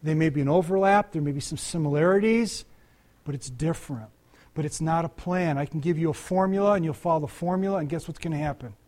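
A man's voice: fairly high pitch, quick pace, darkish tone. An older man preaching a conversational sermon, talking to the congregation with frequent asides and restarts. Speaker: pastor.

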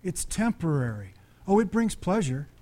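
Middle-aged male pastor, slightly high voice, lively conversational preaching with sudden loud peaks. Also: moderate pace. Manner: restarts and repeats words often. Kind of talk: sermon.

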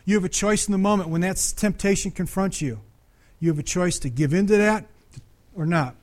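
Man, middle-aged, sermon, fairly high voice, animated, conversational, repeats and restarts words. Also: fairly quick. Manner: animated, conversational preaching with sudden loud peaks. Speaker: pastor.

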